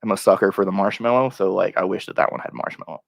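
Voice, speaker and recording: A man with a low, gravelly voice who co-hosts the podcast with jokey enthusiasm. His voice sits dry and close on the mic. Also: fairly even intonation, fast, no room sound. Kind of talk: casual chat.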